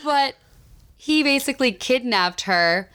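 A woman co-hosting a podcast, recapping a film in casual chat, animated and laughing often, slipping into quoted voices. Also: high voice, unhurried, clean tone. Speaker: podcast co-host.

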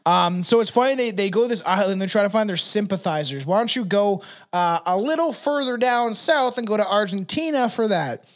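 Rambling young male podcast host, high voice. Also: expressive, a little fast, few pauses, fairly bright tone. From Canada. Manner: rambling, laughs often, many fillers. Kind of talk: casual crude chat.

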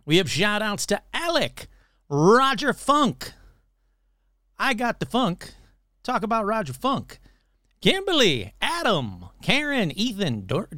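A man's voice: high-pitched, a bit bright, no echo, clean studio sound. A man hosting his own podcast in a casual, playful solo chat, cheerfully rattling off names of listeners. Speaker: podcast host.

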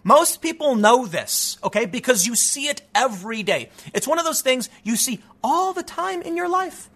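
A male commentator with a high voice that swoops through a wide range as he talks. He sounds bright and edgy, mocking as he goes and tripping over repeated words. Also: creaky. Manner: animated, mocking, stammers repeats. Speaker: political commentary host. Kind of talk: opinionated solo commentary.

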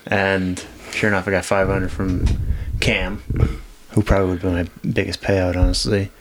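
A man's voice: low voice, level tone, normal speed, slight background noise. A man co-hosting a casual podcast chat, telling loose, joking stories in a rambling way. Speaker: podcast co-host.

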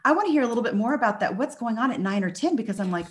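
A woman's voice: a little high, racing. A woman hosting a podcast, speaking openly and emotionally about her own experiences. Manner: open, emotional, animated storytelling. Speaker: podcast host. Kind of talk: podcast conversation.

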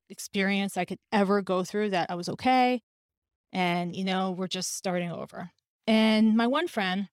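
A woman's voice: mid-range voice, clean tone, no echo, studio quality. A woman hosting a podcast, telling a personal story candidly and emotionally, acting out the voices of people she quotes. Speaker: podcast host.

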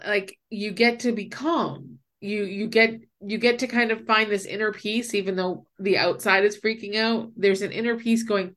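Woman, medium pitch, casual chat, explanatory, voices inner monologues. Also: steady tone, measured pace, a bit bright. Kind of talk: casual conversation.

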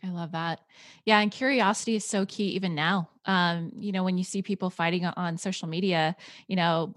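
A woman's voice: fairly low pitch, fairly quick, fairly bright tone, no echo, studio quality. A woman hosting a podcast, enthusiastic and affirming toward her guests. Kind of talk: conversational podcast talk.

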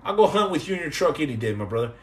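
A middle-aged man hosting a casual livestream, reading out and answering viewer comments. His voice sits a bit higher than most men's, and his talk rambles along with jokes, repeated words and false starts. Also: very animated, rapid-fire.

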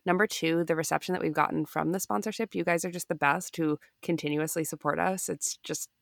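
A woman's voice: low voice, fairly even intonation, brisk, vocal fry, no echo, clean studio sound. A woman co-hosting a podcast, speaking in an enthusiastic, grateful way and laughing often. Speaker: podcast co-host. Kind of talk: casual chat.

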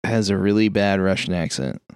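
A man's voice: sits low, moderate pace, darkish tone, clean tone, dry recording, studio quality. A man co-hosting a podcast, chatting casually in a blunt, profane way. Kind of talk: casual chat.

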